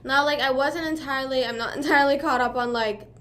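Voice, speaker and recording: A young woman streamer from Pennsylvania rambles through a casual livestream chat. Her voice sits a little above the usual pitch, she packs her sentences with "like" and "you know what I mean," and now and then she talks through a mouthful of food. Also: quick pace, fairly bright tone. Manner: talking while chewing food.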